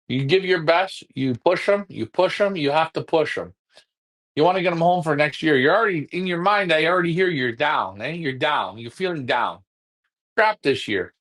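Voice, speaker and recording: Fairly high-pitched and a bit bright, this man co-hosts a live pigeon-club stream. He rants in a blunt way and goes over the same points again once he's worked up.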